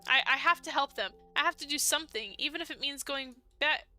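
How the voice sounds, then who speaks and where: A woman's voice: sits high, brisk, sharp tone, faint music behind. A woman voicing an anxious young man, the love interest in a dating game, earnest and stammering. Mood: distressed.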